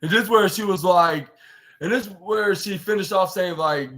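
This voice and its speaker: A man's voice: high voice, normal speed, a bit bright. A man hosting a casual podcast, recapping a wrestling show in a rambling way, full of fillers, restarts and loosely paraphrased quotes.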